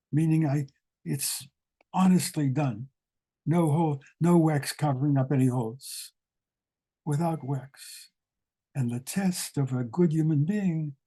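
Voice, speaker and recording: An older man, a guest rabbi, teaching a psalm over a video call, asking rhetorical questions in an unhurried way. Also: a little high, warm tone, poor audio. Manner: asks many rhetorical questions, unhurried with pauses. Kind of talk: slow, questioning lesson on a psalm.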